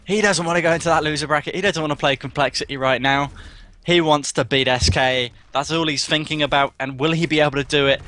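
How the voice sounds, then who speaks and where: Bright, energetic male play-by-play caster. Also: quick pace, slight background noise. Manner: energetic play-by-play, yelping at highlights. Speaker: esports co-caster. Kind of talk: live esports play-by-play.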